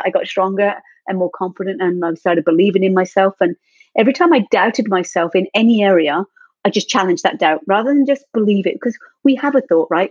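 A woman's voice: medium pitch, no echo. A woman guest telling her personal story in a heartfelt, earnest way, easily moved. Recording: dull lo-fi dry sound.

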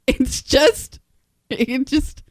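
A woman's voice: sits high, fairly even intonation, extremely slow, no room sound. A middle-aged woman from northern Kentucky chatting casually and laughing often as she tells stories. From northern Kentucky area. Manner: giggly, laughs often while telling stories. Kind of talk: casual chat.

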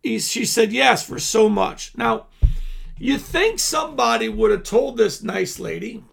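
A man's voice: very high-pitched, lively intonation, a little slow, gravelly, fairly bright tone, husky, soft background music. A man hosting a Bible teaching show, reading scripture aloud and explaining it in a loose, conversational way with frequent restarts.

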